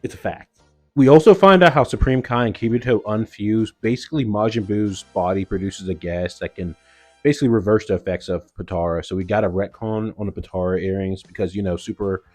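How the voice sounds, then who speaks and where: A man's voice: lowish voice, a little fast, a little mellow, faint music behind. Laid-back slangy guy recapping an episode. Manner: slangy, loose, fills with "like" and "yo". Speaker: anime reviewer.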